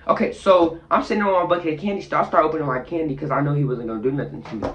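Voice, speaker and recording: Animated storytelling man, fairly high voice. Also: very fast, few pauses, lo-fi sound. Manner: acts out scenes with sound effects and shifting voices. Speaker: storytime vlogger. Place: bathroom, sitting on the toilet.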